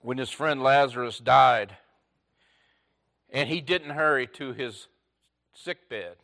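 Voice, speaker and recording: A man preaching a sermon in short, repeated phrases, rising to loud emphasis and dropping to a hush. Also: medium pitch, slow, creaky. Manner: swings between loud emphatic lines and hushed near-whispers. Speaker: pastor.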